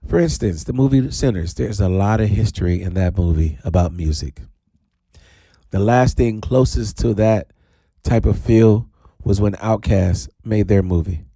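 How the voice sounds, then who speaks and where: A man hosting his own radio talk show, talking in a playful, animated way with sudden high drawn-out calls. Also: vocal fry, dry recording, clean studio sound. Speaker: radio DJ host. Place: radio studio.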